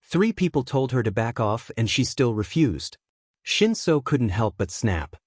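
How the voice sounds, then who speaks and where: A man's voice: mid-range voice, sing-song, a little slow, slightly rough, no room sound. Man narrating a fanfic, dry sound. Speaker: fanfiction reader.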